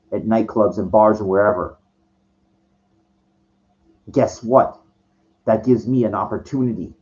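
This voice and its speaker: Agitated, cursing man with a low voice. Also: a little mellow. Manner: profane, agitated, stumbling restarts. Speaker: vlogger. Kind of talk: casual storytelling rant. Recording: dull lo-fi recording.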